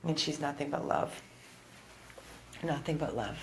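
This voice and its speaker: A woman with a low voice narrates a phone video for an animal rescue from inside a room. She speaks earnestly and with feeling, straight to her viewers, with a faint hiss of noise under her. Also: unhurried. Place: indoor room.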